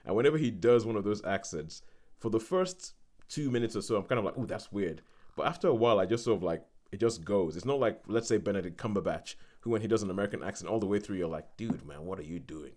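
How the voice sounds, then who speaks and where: Male podcast host, lowish voice, rambling casual film talk. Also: lively intonation, quick pace, a little mellow. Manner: rambling, frequent restarts and laughs.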